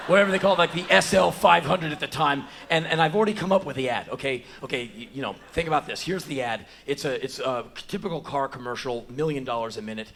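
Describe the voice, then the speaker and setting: A man's voice: medium pitch, a bit bright, a little hiss or hum. An American man in his forties performing spoken word on a theater stage, with emphatic, profane, mocking storytelling. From United States. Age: 40s. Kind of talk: live stand-up storytelling. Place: theater stage before an audience.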